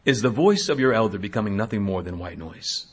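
A man in his thirties, a pastor preaching a sermon, swinging between hushed asides and loud exhortation. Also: on the low side, expressive, fairly quick, breathy edge.

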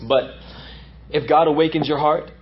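A man's voice: a little high, fairly even intonation, moderate pace, dull audio, slight background noise. A man preaching a sermon as pastor, emphatic and repeating lines for effect.

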